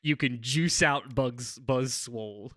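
A man pitching an imaginary game on a comedy podcast, joking and interrupting himself as he goes. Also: slow, fairly bright tone, dry recording.

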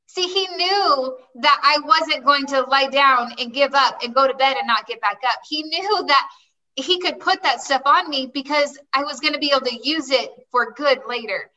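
A woman's voice: sits high, normal speed, pushed and bright, distant mic, rough recording. A woman guest telling her life story in a chatty way, often quoting herself and saying "like". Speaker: interview guest. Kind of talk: personal storytelling.

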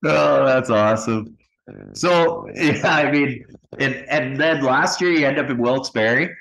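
A man hosts a casual podcast chat, relaxed and easygoing. He keeps the talk moving by prompting his guest with questions, in a voice of ordinary male pitch. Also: a little slow, vocal fry, rough recording. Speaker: podcast host.

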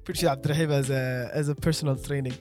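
A man's voice: mid-range voice, very fast, faint music behind. A man co-hosting a podcast, chatting casually and cracking jokes. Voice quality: joking, animated. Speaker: podcast co-host. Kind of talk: casual chat.

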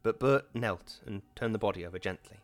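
A man narrating an audiobook in a measured, dramatic reading. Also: on the low side. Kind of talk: scripted narration.

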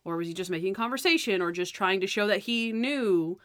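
A woman's voice: medium pitch, fairly quick, fairly bright tone, clean tone, no room sound. A woman co-hosting a casual podcast, chatting about a TV episode and acting out characters' lines with animation. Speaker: podcast co-host. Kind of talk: casual chat reviewing a TV episode.

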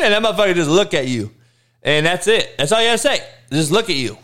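A man's voice: high-pitched, expressive, fast talker, a bit bright. A man who coaches youth, ranting comically in a profane, emphatic way. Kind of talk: comedic rant.

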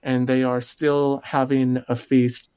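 A man narrating a tabletop game as game master, describing scenes with drawn-out pauses. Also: mid-range voice, flat delivery, warm tone, clean tone.

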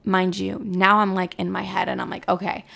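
A young woman telling a personal story casually, brash and profane, self-mocking, quoting people with lively energy. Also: medium pitch, normal speed, vocal fry.

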